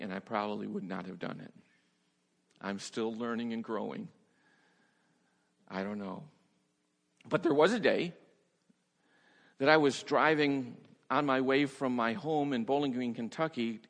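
A male pastor preaches in a large hall, and a long reverb trails after each phrase. His pitch sits in the middle range. He tells his stories with animated energy, often laughing and repeating words as he starts a sentence. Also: unhurried, vocal fry, pauses often. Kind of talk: sermon storytelling.

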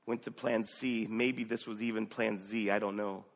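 Man, pastor, sermon, conversational storytelling, scripture reading, gravelly voice, reverberant hall. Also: fairly low pitch, level tone, normal speed.

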